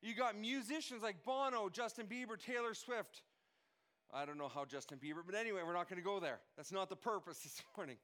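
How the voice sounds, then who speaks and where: Preaching earnestly from the pulpit, this pastor has a high-pitched, brisk, slightly bright voice. He keeps restarting and repeating phrases and runs through names.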